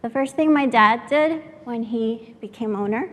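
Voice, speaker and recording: A woman from San Antonio, Texas, telling a personal story as a workshop speaker. She speaks from the heart and pauses with fillers. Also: a little high, big-room sound. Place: lecture room at a workshop.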